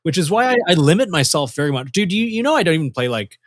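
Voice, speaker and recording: A man's voice: on the high side, very animated, quick pace. A man hosting a casual podcast chat, rambling, repeating words as he talks. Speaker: podcast host.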